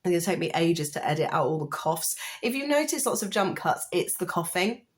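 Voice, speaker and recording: A woman vlogging about knitting, talking in a rambling, chatty way and gushing with excitement, sounding tired. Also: lowish voice, brisk. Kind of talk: casual chatty vlog.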